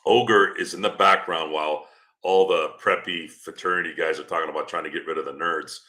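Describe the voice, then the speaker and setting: A man's voice: low voice, fairly even intonation, a little fast, sharp tone. A man hosting a casual sports stream, rambling and teasing the people in his chat. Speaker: podcast host.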